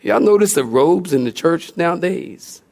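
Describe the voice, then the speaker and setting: High-voiced man preaching with humor. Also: moderate pace. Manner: animated, humorous storytelling with questions to the congregation. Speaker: pastor. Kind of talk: sermon. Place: church before a congregation.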